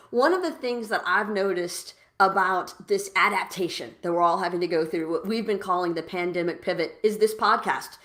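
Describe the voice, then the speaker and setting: A woman hosting a live podcast, upbeat and smoothly filling time while her guest reconnects. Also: medium pitch, a bit bright. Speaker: podcast host.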